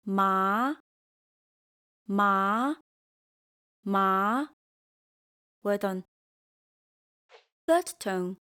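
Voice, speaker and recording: A woman teaching a pinyin lesson, speaking slowly and clearly and leading repeat-after-me drills. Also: mid-range voice, darkish tone. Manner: slow, clear, drills repetition. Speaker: Mandarin teacher. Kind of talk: scripted language lesson.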